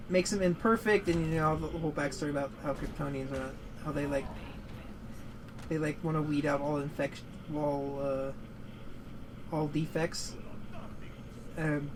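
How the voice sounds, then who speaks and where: A man's voice: a little high, fairly even intonation, unhurried, pauses often, background noise. A man giving casual gaming commentary, rambling and swearing as he rants about a movie. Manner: rambling, profane, prone to heated rants. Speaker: gaming show co-host.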